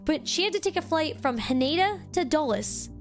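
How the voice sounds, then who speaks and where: A young woman streamer telling a story to her chat in a casual, animated way, restarting sentences often. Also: high voice, moderate pace, faint music behind. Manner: animated, excitable, lots of restarts and "like".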